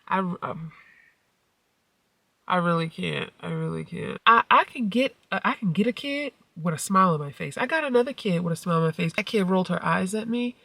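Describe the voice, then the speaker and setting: A middle-aged woman vlogging casually to her viewers, telling a family story and acting out the quoted lines with sudden high-pitched outbursts. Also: creaky, no echo, far from the mic. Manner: animated storytelling, acts out quotes with big pitch jumps. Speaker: mommy vlogger. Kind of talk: casual vlog talk.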